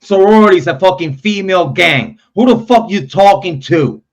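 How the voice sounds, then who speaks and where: High-voiced man ranting angrily. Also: lively intonation, moderate pace. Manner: profane, heated, repetitive. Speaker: true crime streamer. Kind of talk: angry live-stream rant.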